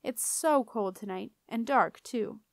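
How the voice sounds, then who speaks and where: A woman's voice: fairly high pitch, unhurried, gravelly, no room sound, clean studio sound. A woman voicing a tired, no-nonsense young woman who speaks politely but curtly.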